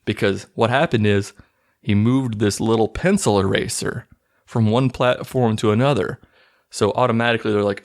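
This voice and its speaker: A man with a lowish, gravelly voice talks through a movie's plot in a casual, sarcastic way. He sounds incredulous and amused as he mocks the story. The fry in his voice gives it a rough texture. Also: normal speed. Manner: mocking, incredulous, loose. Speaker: movie recap host.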